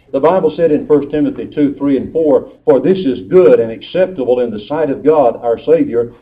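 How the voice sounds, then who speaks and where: A man preaches a sermon with a folksy storytelling manner, quoting scripture as he goes. His voice sits at an ordinary middle pitch. The recording is thin and tinny, like a phone line.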